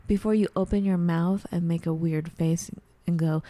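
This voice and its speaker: A woman's voice: on the low side, normal speed. A woman co-hosting a podcast, chatting casually and acting out her own puzzled voice. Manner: animated, acts out her own confused voice. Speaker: podcast co-host. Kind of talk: casual chat. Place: at home.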